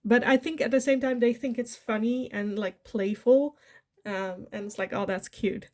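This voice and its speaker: A woman's voice: on the high side, steady tone, normal speed, darkish tone. A woman from the Netherlands, giving a chatty pick-a-card tarot reading. She laughs often and acts out the lines she imagines people saying. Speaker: tarot reader.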